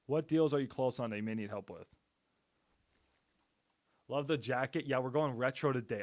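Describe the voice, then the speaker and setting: A man's voice: mid-range voice, moderate pace, pauses often. A man casually commenting on a live stream as he makes cold calls, talking bluntly and upbeat in a salesy way and swearing now and then. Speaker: real estate investor and streamer.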